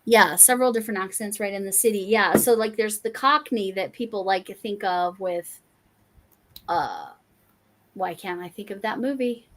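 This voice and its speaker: A woman's voice: medium pitch, normal speed, slight background noise. Chatty woman from Colorado hosting. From Colorado, USA. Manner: chatty and curious, musing aloud. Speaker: host. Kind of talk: casual livestream chat while crafting.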